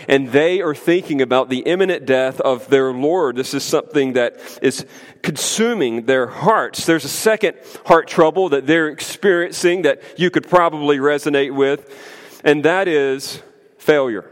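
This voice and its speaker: Animated male preacher in echoing hall. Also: fairly high pitch, moderate pace. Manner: animated, emphatic preaching with conversational asides. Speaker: pastor. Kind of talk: sermon. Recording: long hall reverb.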